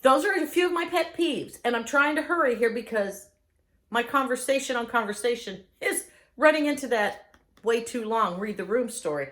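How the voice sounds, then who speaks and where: Middle-aged lady, chatty and excited, voice a bit high and jumps all over. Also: normal speed. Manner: enthusiastic, animated storytelling. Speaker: host. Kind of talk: casual chat.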